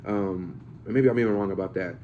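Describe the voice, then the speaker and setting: A man's voice: deep voice, fairly quick, slight background noise. A man hosting a casual podcast, telling a long story in a rambling, profane, hedging way. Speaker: podcast host. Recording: slightly dull lo-fi podcast audio.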